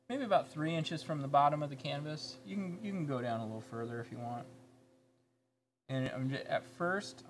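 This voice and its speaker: A man's voice: mid-range voice, slight background noise. A man co-hosting a painting tutorial, chatting casually and thinking aloud as he paints. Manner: relaxed, chatty, thinks aloud while working. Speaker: painting instructor, co-host.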